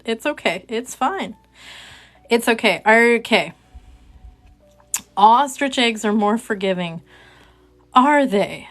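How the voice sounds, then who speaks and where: A woman's voice: medium pitch, animated, slow pace, pauses often, a bit bright, soft background music. A woman chatting casually with her livestream viewers while she works on a craft project, joking at her own expense. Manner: chatty, self-mocking, talks to chat viewers. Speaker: livestream host.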